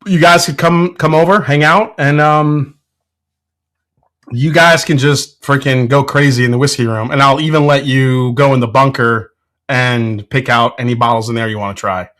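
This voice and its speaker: A whiskey show host with a medium-pitched, slightly bright male voice speaks at a moderate pace with fairly even intonation. He runs a casual live stream from his home whiskey room, laughing often, swearing freely and answering chat.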